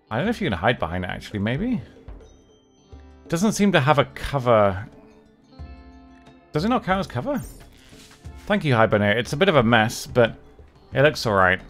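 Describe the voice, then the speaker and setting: Male streamer, low-ish and animated, muttering commentary over game music. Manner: chatty, muttering to himself and his colonists. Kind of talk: casual gameplay commentary.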